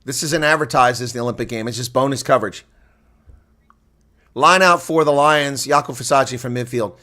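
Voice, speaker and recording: Calling a rugby match live, this medium-pitched man races through the action, talks with his viewers, and yells when a big play happens.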